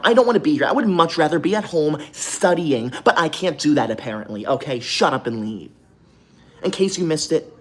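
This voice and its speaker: A young man hosting a livestream from a hotel room, reading super chats aloud and breaking into melodramatic, indignant outbursts. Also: a little high. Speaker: livestream host.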